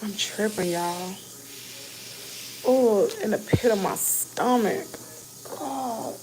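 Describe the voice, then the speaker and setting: A woman's voice: medium pitch, slow, warm tone, a little hiss or hum, poor audio. A woman with a Southern accent livestreaming by phone from a dentist's exam room, talking nervously to her viewers and often dropping to a whisper. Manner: anxious, talks to viewers as y'all, drops to whispers. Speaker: vlogger livestreaming from a dentist's office. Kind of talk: casual live chat to viewers. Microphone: phone held close.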